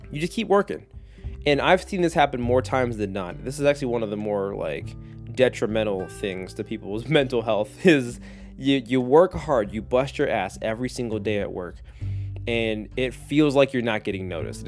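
A man talks on his own podcast in a loose, rambling way, full of fillers and self-deprecating jokes. His voice sits at a middling pitch for a man, and faint music plays underneath. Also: moderate pace. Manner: rambling, joking, lots of fillers. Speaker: podcast host. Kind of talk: casual solo podcast talk.

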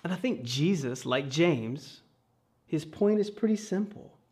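A middle-aged man preaching a sermon, earnest, with dramatic pauses and phrases that sink to a hush. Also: fairly high pitch, lively intonation. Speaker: pastor.

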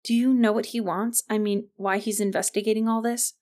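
A woman's voice: medium pitch, fairly even intonation, a little fast, darkish tone, natural voice. A woman voicing a wary teenage girl. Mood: anxious.

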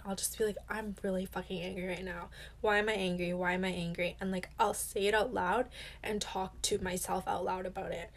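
A young adult woman hosting a self-help podcast, talking candidly and casually, filling her speech with "like" and swearing now and then. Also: mid-range voice. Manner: chatty, heavy use of "like", candid and swears casually. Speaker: podcast host.

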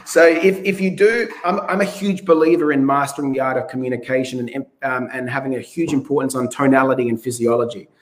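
Slightly hoarse man coaching. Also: medium pitch, fairly quick, hardly any pauses. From Australia. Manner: restarts sentences, stresses key words. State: a bit hoarse. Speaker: real estate coach. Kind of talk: podcast interview.

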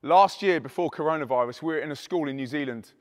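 A slightly high-voiced man talks fast in a big-room space, telling an audience his testimony as a Christian youth speaker. He's emphatic and animated throughout, playing out the quoted dialogue.

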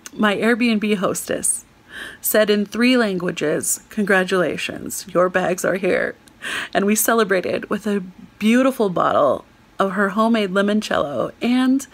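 Gravelly-voiced American woman telling a story. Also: mid-range voice. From United States. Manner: lively, laughing, self-mocking storyteller. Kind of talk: storytelling on community radio.

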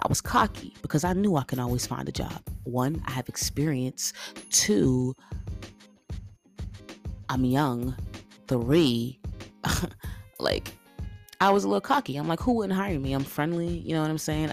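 A young woman with a gravelly, fry-laden voice tells a story to her podcast listeners in a loose, casual way. She is animated and keeps calling them guys and y'all, while soft music plays faintly behind her. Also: very deep voice. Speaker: podcast host.

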